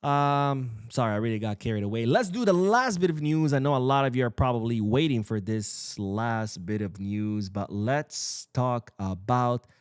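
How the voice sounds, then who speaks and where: Man, football news host, blunt profane rant, mid-pitched voice, dry close mic. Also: normal speed, few pauses, clear, resonant tone, dry recording. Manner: blunt, profane, animated ranting. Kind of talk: ranting commentary.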